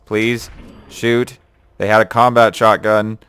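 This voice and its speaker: A man's voice: fairly low pitch, level tone, slow pace, fairly bright tone, clear, resonant tone. A young man chatting casually through a let's-play, laughing often and talking back to the game characters. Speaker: gamer.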